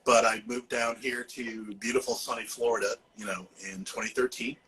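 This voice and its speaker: A man from Massachusetts speaks at a middle pitch. He is a herbalist guest on a podcast, talking in a loose, joking way and dropping "you know" all through. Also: steady tone, normal speed, bright, forceful tone, a little hiss or hum, low-quality recording. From Massachusetts, USA. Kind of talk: casual podcast chat.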